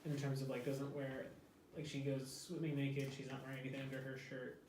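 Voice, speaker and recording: A man's voice: medium pitch, level tone, brisk. A man adds dry asides to a casual film talk in a mid-range voice. The room is echoey, and a faint noise sits underneath him. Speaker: podcast co-host.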